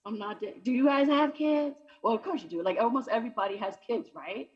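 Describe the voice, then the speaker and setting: A woman's voice: on the high side, fairly quick, highs cut off. Brash woman doing stand-up. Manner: brash, chatty, punchy delivery. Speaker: stand-up comedian. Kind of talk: stand-up comedy set. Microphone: video call.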